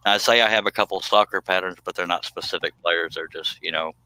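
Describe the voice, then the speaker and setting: Deep-voiced joking man. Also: fairly even intonation, fast talker, bright, forceful tone, rough recording. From United States. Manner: joking, teasing, chuckles often. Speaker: live stream host, woodworker. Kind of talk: casual live stream chat.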